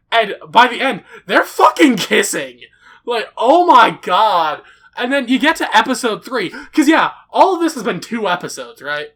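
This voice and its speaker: A man giving a casual, excitable and profane anime recap, rambling as he goes. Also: high-pitched. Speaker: anime reviewer.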